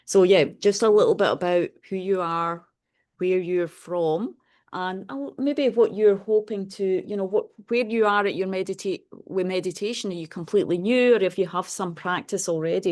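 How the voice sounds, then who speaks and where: Soft-spoken Scottish woman teaching meditation. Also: on the low side, normal speed. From Scotland. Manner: chatty, soft-spoken, many "you know"s, light laughs. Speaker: meditation teacher, Buddhist nun. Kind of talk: casual classroom talk. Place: meditation class room.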